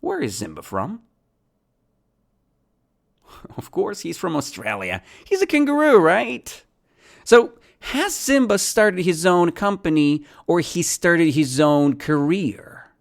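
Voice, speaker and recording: Slow, lively-voiced English teacher. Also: medium pitch, creaky. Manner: asks and answers its own questions, repeating key words. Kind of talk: podcast language lesson.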